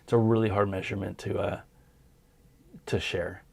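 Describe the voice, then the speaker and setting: A man's voice: deep voice, flat delivery, moderate pace, gravelly, slightly rough. A man hosting a casual livestream, answering viewer questions in an easygoing, hesitant way, tired and losing his voice. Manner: easygoing, hesitant with many ums.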